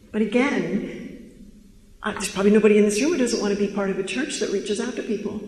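In a large, echoey hall with faint noise, a man teaches a live audience, earnest and questioning as he draws listeners in. His voice is high and a little mellow.

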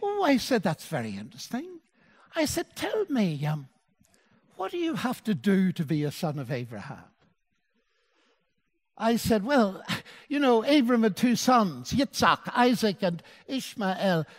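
A man preaching a sermon and telling a story, quoting the dialogue in a softened voice. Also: high voice, big pitch swings, measured pace, in a large hall.

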